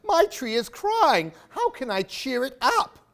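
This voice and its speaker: A man voicing an excited young male bear in a read-aloud picture book, eager and exclaiming. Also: very high voice, very slow, clean tone, pitched above the performer's own voice, exaggerated voice. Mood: worried.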